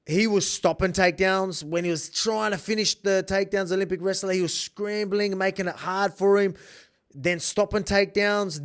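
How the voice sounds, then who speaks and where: A man in his thirties with an Australian accent, a professional fighter giving a casual, rambling, emphatic breakdown of a bout. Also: sits high. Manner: emphatic and rambling, with many restarts.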